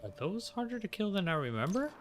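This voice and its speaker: A man's voice: high voice, big pitch swings, fast, slight background noise. A man giving casual, joking commentary while playing a game, talking back to the characters. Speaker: let's play host.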